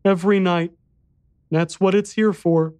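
A man voicing a small, frightened boy who speaks quietly, gravely and matter-of-factly. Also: high voice, fairly even intonation, measured pace, no echo, studio quality, pitched above the performer's own voice. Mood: solemn.

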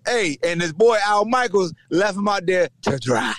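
A middle-aged man from Virginia hosts a casual sports podcast, joking and slangy as he does voices of other people. His voice sits a little high. The recording is dry and close, with no room sound. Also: sing-song, normal speed, a bit bright, dry recording. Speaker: podcast host, former player.

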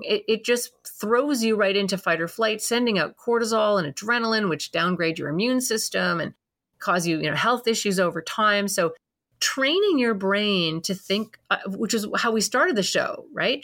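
A woman's voice: mid-range voice, a bit bright. A woman hosting an interview podcast in casual chat, enthusiastic and encouraging. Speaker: podcast host. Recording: hollow, barrel-like sound.

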